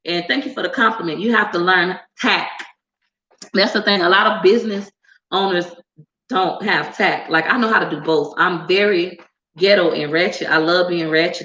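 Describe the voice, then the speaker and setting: A woman YouTuber in casual, sassy talk with viewers, animated and quick to put on voices when she quotes people. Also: echoey room, muffled recording, slight background noise. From United States. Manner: animated and sassy, jumps into high squeals when acting out others. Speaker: YouTuber answering viewer comments. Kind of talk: casual chat to camera.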